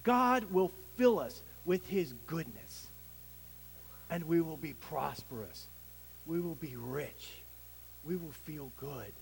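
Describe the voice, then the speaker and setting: Animated preaching man in a reverberant hall. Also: a little high, slow pace, vocal fry, a little hiss or hum. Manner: preaching with emphatic swells and drops, some restarts. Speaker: pastor. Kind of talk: sermon.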